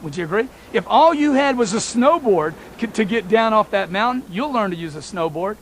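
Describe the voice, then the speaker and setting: A man's voice: high-pitched, expressive, fairly quick, a little hiss or hum. A man giving a motivational talk, emphatic and repetitive, speaking straight to his listeners as folks.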